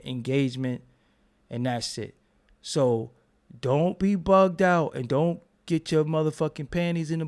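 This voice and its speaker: A young man who hosts a commentary vlog and rants bluntly, cursing and repeating himself. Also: mid-range voice. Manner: blunt, profane, repetitive. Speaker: commentary channel host. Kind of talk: ranting commentary.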